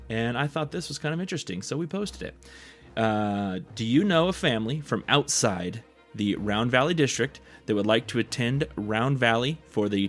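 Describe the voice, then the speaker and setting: A man with an Eastern California twang hosting a casual local news update, chatty and joking. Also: mid-range voice. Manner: chatty, joking asides, informal.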